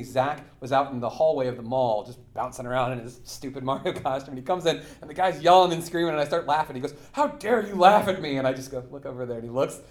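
Animated man telling a story in chat. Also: medium pitch. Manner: animated storyteller, laughs often. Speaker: co-host. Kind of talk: casual chat. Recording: echoey room.

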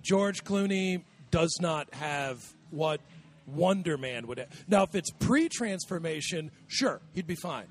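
High-pitched male co-host, casual, opinionated. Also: expressive, unhurried. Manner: firm, opinionated. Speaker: podcast co-host. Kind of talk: casual chat.

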